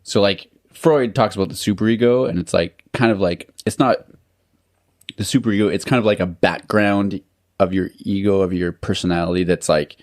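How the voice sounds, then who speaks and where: A man's voice: on the low side, steady tone, moderate pace, a little mellow, no echo, studio quality. A man co-hosting a casual podcast chat, rambling, swearing freely and laughing at himself. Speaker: podcast co-host.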